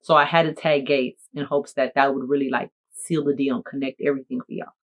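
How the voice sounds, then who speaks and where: A woman content creator chatting casually to camera in a playful, jokey, animated way. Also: rumbling low, brisk. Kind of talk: casual vlog talk to camera.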